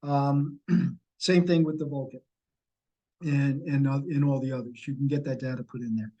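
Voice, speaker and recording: A man's voice: a little high, warm tone, rough recording. A middle-aged man leading a sales training session over a video call, coaching and repeating key points. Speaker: real estate sales trainer.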